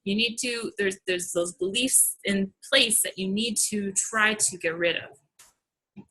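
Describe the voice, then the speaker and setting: A woman's voice: medium pitch, slow, bright, forceful tone, rough recording. A young adult woman leading a motivational team call, earnest and chatty with many fillers.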